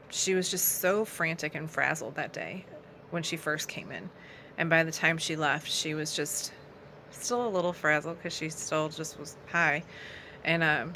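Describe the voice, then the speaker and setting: Brief: low-pitched young woman, earnest conversational faith testimony. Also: pushed and bright, slight background noise. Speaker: outreach ministry founder.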